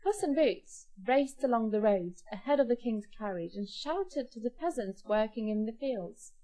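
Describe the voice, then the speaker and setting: A woman narrating a children's fairy tale in an expressive, clear storybook style. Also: fairly high pitch, normal speed.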